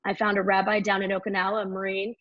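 A woman guest in an interview, telling her stories in a lively way and acting out the dialogue. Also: mid-range voice, fast, dry recording, lo-fi sound. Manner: lively storyteller who acts out dialogue. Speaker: guest, military veteran. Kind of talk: conversational storytelling interview.

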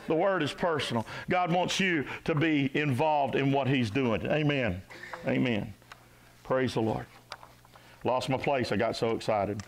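A man preaching a sermon as pastor, exhorting his congregation, rising to shouts and dropping low. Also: a little slow, slight background noise, rough recording. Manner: animated, exhorting, rises to shouts and drops to low tones. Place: church sanctuary.

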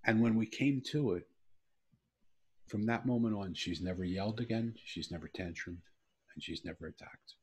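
A man's voice: fairly low pitch, normal speed, husky. A middle-aged man hosting a podcast interview, talking in an earnest, reflective way and telling a personal story. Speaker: podcast host. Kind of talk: heartfelt interview talk.

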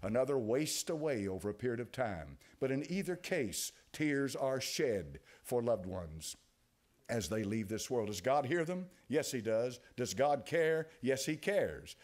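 Older Tennessee preacher, lively swooping delivery. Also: male voice, a little slow. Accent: East Tennessee. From United States. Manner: dramatic preaching, dropping to low quiet asides and rising to loud exclamations. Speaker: pastor. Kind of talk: sermon.

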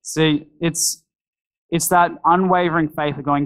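A man's voice: on the high side, fairly even intonation, unhurried, a bit bright, rough recording. A man preaching a sermon in a church, earnest and pleading, voicing prayers to God along the way. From Australia.

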